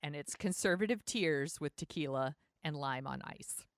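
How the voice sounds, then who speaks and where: A woman's voice: low voice, normal speed, no echo, studio quality. Chatty woman podcast host. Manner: chatty and upbeat, with frequent fillers. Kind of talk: casual chat. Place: home, San Francisco.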